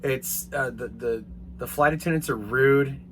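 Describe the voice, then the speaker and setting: A man telling a rambling, casual story to his viewers, swearing now and then and getting animated as he retells it. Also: mid-range voice, a little slow, slight background noise. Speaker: vlogger.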